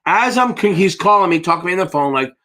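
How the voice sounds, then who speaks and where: A man's voice: sits high, animated, fast talker, pushed and bright, slight background noise. A man tutoring students for securities exams on a live Q&A stream, blunt and profane and tired from yawning, calling his viewers baby. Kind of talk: live Q&A stream, casual teaching.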